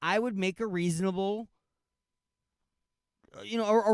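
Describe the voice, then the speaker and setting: A man's voice: sits high, normal speed, pauses often, clean tone, no room sound, clean studio sound. A man hosting a talk radio show, ranting sarcastically and comedically, often repeating that he is just saying.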